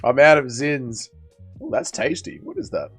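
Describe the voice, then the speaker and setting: A man's voice: mid-range voice, huge pitch swings, normal speed, creaky, a bit bright, soft background music. A man hosting a casual livestream watch party, tired and hungover, rambling and swearing in slangy banter with his chat. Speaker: livestream host.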